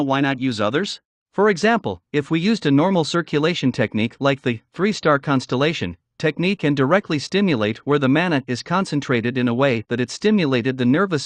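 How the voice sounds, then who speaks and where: A man's voice: on the high side, no echo. A man narrating a fantasy novel in the first person, reading steadily with occasional slips. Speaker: audiobook narrator.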